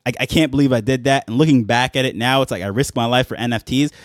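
A young man telling a personal story in a casual, chatty vlog, animated and laughing between phrases. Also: medium pitch, fast talker, no echo, clean studio sound. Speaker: NFT collector telling a story.

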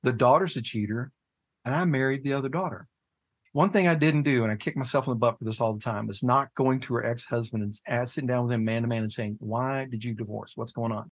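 A man talking casually on a podcast, telling a personal story with lots of swearing and sudden jumps into shouted disbelief. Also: mid-range voice, fast. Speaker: guest, head of a fathers' nonprofit.

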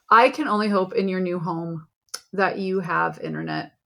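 Slow, gravelly middle-aged woman. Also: fairly low pitch, fairly bright tone. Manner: rambling, exasperated storytelling. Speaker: podcast co-host, mother. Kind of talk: casual chat.

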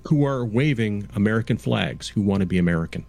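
A man in his fifties with a lowish voice, explaining history in casual conversation. He lectures in a halting way, restarting phrases and circling back. The delivery stays conversational and unscripted. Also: expressive, creaky, very noisy. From Canada. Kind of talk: casual chat.

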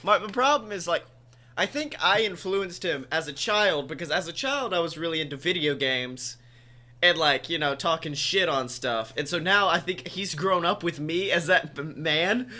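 A male comedy podcast co-host whose voice sits high and sounds bright. He rambles and jokes in a loose, casual way and keeps a quick back-and-forth with his co-host. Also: expressive. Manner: rambling and joking.

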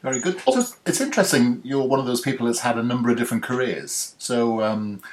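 A man's voice: medium pitch, expressive, fast talker. A man hosting a podcast interview, chatty and friendly with some restarts. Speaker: podcast host.

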